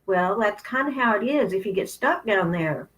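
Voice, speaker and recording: A woman's voice: mid-range voice, expressive, normal speed, rough recording. A woman in her fifties giving a candid spiritual talk, blunt and conversational with some profanity. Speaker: spiritual channel host.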